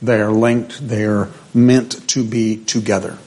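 A man leading a midweek Bible study, chatting with fillers and restarts, then reading scripture slowly and with deliberate emphasis. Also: fairly low pitch, little pitch movement, a little mellow.

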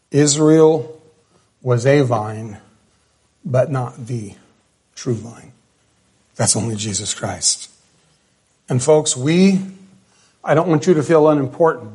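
A man's voice: medium pitch, breathy edge. Emphatic preacher, a man. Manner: emphatic, swings between loud stresses and quiet drops. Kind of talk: sermon.

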